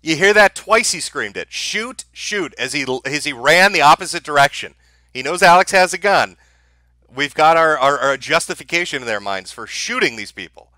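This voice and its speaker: A man's voice: fairly high pitch, lively intonation, moderate pace, pushed and bright. A man giving mocking commentary over a video clip, sarcastic and laughing at the footage. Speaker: online commentator.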